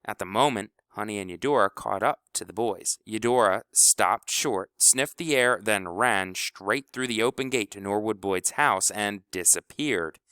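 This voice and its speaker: Smooth, low-voiced male storyteller. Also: unhurried, hardly any pauses, pushed and bright, dry recording, studio quality. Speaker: audiobook narrator. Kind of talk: storybook narration.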